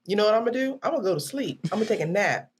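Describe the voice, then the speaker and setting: A woman's voice: mid-range voice, expressive, racing, breathy edge. A woman in her late thirties, a podcast guest chatting casually, playful and joking. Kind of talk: casual chat.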